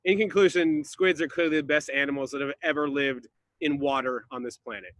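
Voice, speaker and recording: A man's voice: a little high, a little fast, a bit bright, no echo, close to an everyday voice. A man playing Greg, a goofy drywall installer, rambling and confused through an improvised comic slideshow on a video call. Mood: puzzled. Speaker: presenter in a slideshow game.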